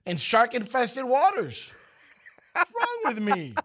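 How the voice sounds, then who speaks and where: A man in his fifties with a high, gravelly voice that swings widely in pitch, chatting as a show co-host. He tells wandering anecdotes with a wry, self-mocking humor. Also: wildly swooping pitch, takes it slowly, pushed and bright. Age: 50s. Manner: rambling storyteller, wry and joking. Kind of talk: casual chat and sports rundown.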